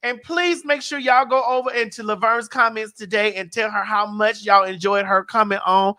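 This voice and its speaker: A talk show host, brassy and teasing, who keeps calling people honey. The voice is bright and cutting, and the delivery is loud and playful. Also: medium pitch, fairly even intonation, moderate pace. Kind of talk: casual chat.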